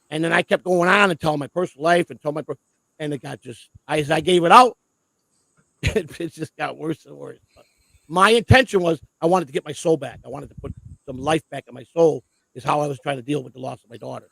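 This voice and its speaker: Male co-host, gravelly, profane storyteller, rambling and halting, dry close sound. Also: a little high, fairly bright tone, no room sound, poor audio. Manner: rambling, profane, repeats words when starting sentences. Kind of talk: casual chat, telling prison stories.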